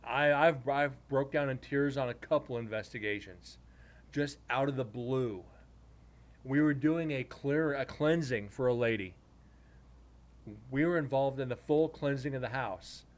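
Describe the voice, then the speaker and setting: A man's voice: medium pitch, a little slow. A man who investigates the paranormal, chatting casually to a live stream audience and telling a story in a rambling way with crude asides. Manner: rambling, with crude jokes to the chat.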